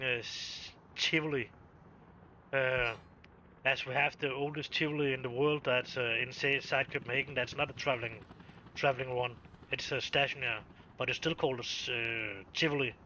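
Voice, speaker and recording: A man's voice: mid-range voice, fairly even intonation, moderate pace, bright, forceful tone, dull audio, a little hiss or hum. A man hosting a game stream, chatting casually and hesitantly with lots of fillers. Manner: hesitant, many fillers and restarts. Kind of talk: casual chat while gaming.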